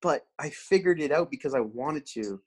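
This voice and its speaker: A man's voice: fairly high pitch, moderate pace, husky. A man in casual podcast chat, a personal trainer talking bluntly with heavy swearing and lots of restarts, sore from a workout. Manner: blunt, swears constantly, animated.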